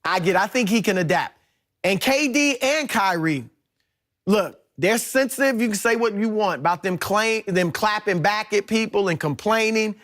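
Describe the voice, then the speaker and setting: A middle-aged man, a sports debate panelist, laying out his case in a measured, explanatory way. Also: high voice, expressive, fairly bright tone. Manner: measured, explanatory, with frequent restarts.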